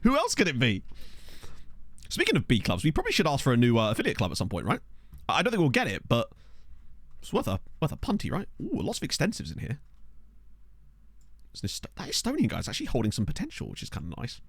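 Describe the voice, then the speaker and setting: Chatty male game streamer, lively pitch. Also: fast, long pauses, breathy edge, no room sound. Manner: chatty, thinking aloud and addressing viewers. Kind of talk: casual live-stream game commentary. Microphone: desk microphone.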